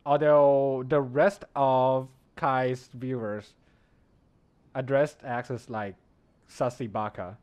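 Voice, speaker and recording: A man's voice: medium pitch, fairly even intonation, takes it slowly, a little mellow, clear, resonant tone. A man streaming a game, chatting casually with viewers and laughing often. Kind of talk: casual live-stream chat. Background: faint lofi background music.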